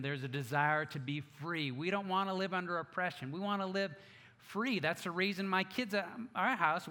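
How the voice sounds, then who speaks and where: A man preaching a sermon as pastor, telling stories in an animated way with self-mocking asides. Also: sits high, big-room sound.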